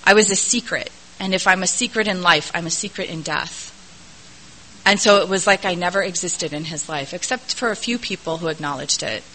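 A middle-aged woman gives a personal testimony to a meeting crowd, her voice bright and forward. She talks candidly and earnestly, poking fun at herself along the way. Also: lowish voice, a little fast, slight background noise, rough recording. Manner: candid, self-deprecating, earnest. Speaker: speaker sharing her recovery story at a meeting.

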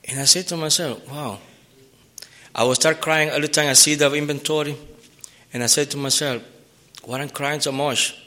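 A man giving an earnest personal testimony at a recovery meeting, halting, with repeated words and restarts. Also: on the high side, fairly even intonation, sharp tone. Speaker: member sharing his recovery story.

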